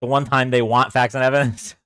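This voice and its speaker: A man's voice: mid-range voice, flat delivery, brisk, bright, forceful tone, smooth, no room sound, clean studio sound. A man hosting a livestream, talking casually to his chat, exasperated and sarcastic, often repeating himself. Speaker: political livestream host.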